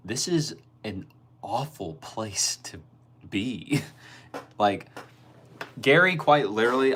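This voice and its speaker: Man with a very low voice, relaxed live-stream chat, laughs a lot, reads out chat names. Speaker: livestream host reading chat.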